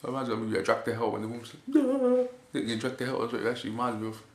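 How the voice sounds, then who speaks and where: Speaking very fast at a medium pitch with little pitch movement, a man casually recaps a wrestling show. He rambles, keeps saying "basically," and chuckles often, and the echoey room carries a faint hiss.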